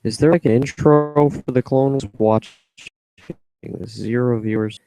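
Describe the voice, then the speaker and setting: A man's voice: mid-range voice, measured pace. A young man rambling to himself as he edits his podcast, humming and trailing off in a self-deprecating way. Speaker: podcaster editing his show. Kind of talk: casual mumbled self-talk.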